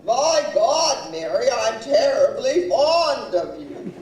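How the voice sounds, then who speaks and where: A woman mimicking an exasperated middle-aged husband, shouting loud exclamations in a stage play. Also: on the low side, very slow, a crowd in the background, noisy background, voice pushed down. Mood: blustering. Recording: roomy stage sound from far off.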